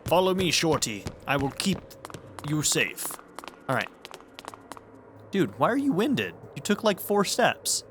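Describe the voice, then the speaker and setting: A man's voice: on the high side, sing-song, a little slow, long pauses, fairly bright tone. Man in his thirties, game streamer, joking wry commentary, faint noise behind. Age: 30s. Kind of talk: casual gameplay commentary.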